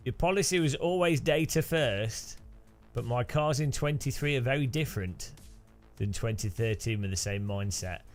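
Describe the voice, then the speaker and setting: A man's voice: medium pitch, moderate pace, faint music behind. A man hosting a casual sim racing gameplay commentary, rambling and joking and laughing often between thoughts. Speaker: sim racing channel host.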